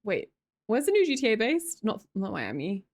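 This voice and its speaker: A woman's voice: mid-range voice, huge pitch swings, normal speed. A young Australian woman with an Australian accent chatting casually as a live streamer, giggly and self-mocking while she reads out viewer comments.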